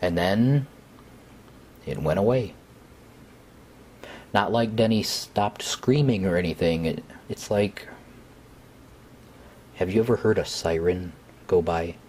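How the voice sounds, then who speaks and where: Deep, slow, hesitant male horror narrator. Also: a little mellow, slight background noise. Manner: hesitant, conversational, with fillers. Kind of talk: first-person horror narration.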